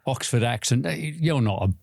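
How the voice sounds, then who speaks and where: A man's voice: medium pitch, animated, fairly quick, creaky, darkish tone, no room sound. Older man, podcast guest, dry close sound, thoughtful restarts. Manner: hesitant restarts, reflective anecdotes. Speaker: guest, advertising veteran. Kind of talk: casual conversation.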